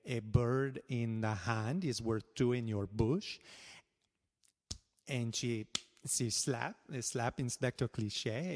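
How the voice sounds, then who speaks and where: A man voicing a bumbling French male inspector with a put-on French accent, speaking slow broken English. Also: mid-range voice, a little mellow, natural voice. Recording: long hall reverb.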